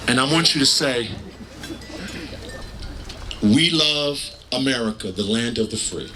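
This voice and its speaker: A man giving a passionate rally speech outdoors, preacher-like, building to shouted call-and-response with the crowd. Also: medium pitch, lively intonation, a little slow. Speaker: rally speaker. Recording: crowd noise in the background.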